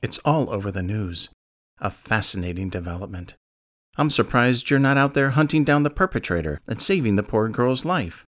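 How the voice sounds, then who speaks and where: A man's voice: fairly low pitch, expressive, normal speed, a bit bright. A man voicing a creepy grown man who admires a killer, speaking in an insinuating, mocking way. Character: creepy grinning adult man, fan of murders. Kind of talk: audiobook character reading.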